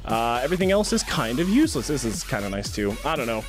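A young man hosting a satirical gaming vlog, acting like an over-the-top hyped youtuber, then dropping into deadpan mumbles. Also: medium pitch, fast, music in the background. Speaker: gaming video host.

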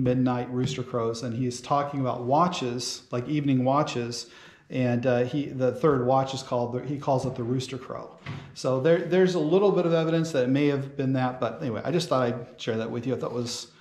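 A man's voice: mid-range voice, fairly even intonation, moderate pace, darkish tone. Man teaching Bible, echoey church hall. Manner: rambling, full of fillers and restarts. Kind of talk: conversational Bible study sermon. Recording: roomy church hall sound.

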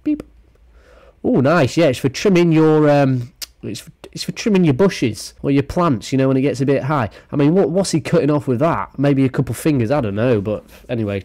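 A man's voice: medium pitch, dark tone. A young man casually reading out and commenting on a news story, rambling with sarcastic, crude jokes.

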